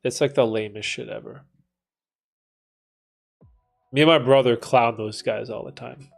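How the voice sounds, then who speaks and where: A young man from Canada hosting a casual livestream, reading chat and joking, laid-back with loud bursts of laughter and swearing. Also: mid-range voice, steady tone, fairly quick, gravelly, soft background music. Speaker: livestream host answering chat.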